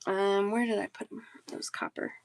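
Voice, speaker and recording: A woman with a medium-pitched, creaky voice runs a live bead sale at a normal speed and a flat delivery, with slight background noise. She chats casually, reads viewer comments aloud, and rattles off prices and sizes in this easygoing live-stream sales talk.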